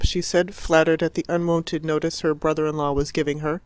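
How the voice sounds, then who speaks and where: An audiobook narrator reading a classic novel in a measured, even storytelling voice. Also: mid-range voice, poor audio. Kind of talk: scripted narration.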